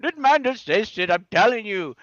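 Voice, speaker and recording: A man's voice: high voice, expressive, moderate pace, a bit bright, no room sound, highs cut off. A man in casual chat who teases his partner in joking banter over an online call.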